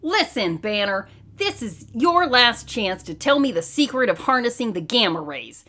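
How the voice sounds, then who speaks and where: A woman voicing a sullen, jealous male scientist in a comic read-aloud, low and grudging. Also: very animated, moderate pace, bright, forceful tone, full character voice.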